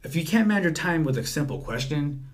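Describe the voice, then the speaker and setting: A man's voice: fairly high pitch, lively intonation, quick pace. An eighteen-year-old man, a podcast guest, talking casually and rambling as he acts out his text exchanges. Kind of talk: casual chat.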